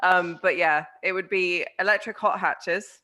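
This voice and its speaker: A woman's voice: fairly low pitch, steady tone, unhurried, bright, forceful tone. A woman chatting enthusiastically on a video call, laughing as she talks. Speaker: guest. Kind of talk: casual chat.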